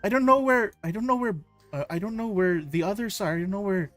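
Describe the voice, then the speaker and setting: A man voicing an agitated male warrior in a tabletop game, speaking loudly and urgently. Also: high-pitched, fast, faint music behind, voice pushed up. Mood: worried. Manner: raised, urgent, stammering.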